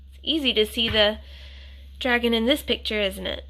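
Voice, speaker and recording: A woman reading a picture book aloud to children, gently asking them questions with soft whispered asides. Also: on the high side, normal speed.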